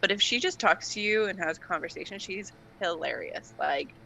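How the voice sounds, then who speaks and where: Young woman guest, bright tone, animated storyteller acting out quotes. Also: medium pitch, moderate pace, creaky, a little hiss or hum, poor audio. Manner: animated storyteller, laughs often, acts out quotes. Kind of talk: casual chat.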